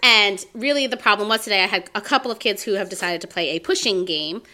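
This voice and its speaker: A woman's voice: medium pitch, quick pace, pushed and bright. A woman who teaches preschool, co-hosting a casual podcast chat and laughing easily as she talks.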